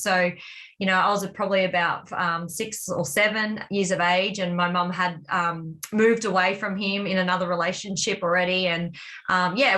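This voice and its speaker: A woman's voice: lowish voice, pushed and bright. A woman telling a personal story in a candid, confessional way, rambling with plenty of fillers. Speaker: vlog co-host.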